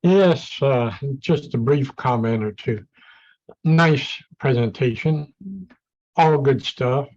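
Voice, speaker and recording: A man's voice: medium pitch, takes it slowly, darkish tone. A man in the class offering a friendly comment from his own experience. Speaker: participant in the class. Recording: dull lo-fi sound.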